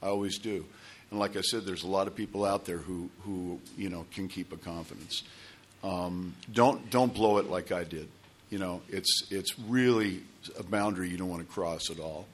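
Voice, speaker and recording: Husky low-voiced man telling a story. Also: moderate pace. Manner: rambling storyteller, many restarts and asides. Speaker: speaker sharing at a recovery meeting. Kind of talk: personal story told to a group.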